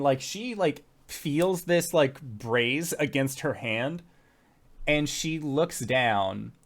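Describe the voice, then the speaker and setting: Male game master, unhurried, rambling narration with fillers. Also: medium pitch, a bit bright. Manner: loose, full of fillers.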